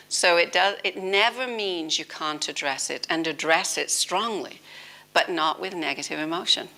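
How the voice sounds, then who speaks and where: A British woman giving an informal spiritual talk as a teacher, telling lively stories and acting out bits of dialogue. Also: low-pitched, gravelly. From Britain.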